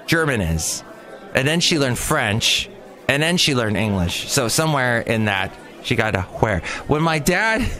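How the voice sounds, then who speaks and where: Bright-sounding guy doing a solo comedy podcast, all over the place with tangents. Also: mid-range voice. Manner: rambling, jokey, jumps between tangents. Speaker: podcast host. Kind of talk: casual comedic monologue.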